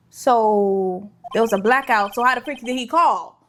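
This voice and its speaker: A woman giving animated, joking commentary as she plays a game and talks back to it. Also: on the high side, unhurried, hardly any pauses, a little hiss or hum. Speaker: gaming content creator. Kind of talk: gameplay commentary.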